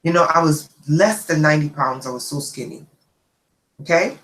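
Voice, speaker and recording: A woman's voice: deep voice, normal speed, roomy sound, rough recording. A woman host telling a personal story in a casual livestream chat, often checking in with her listeners. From immigrant to the United States. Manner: chatty, animated, checks in with "okay?". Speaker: channel host.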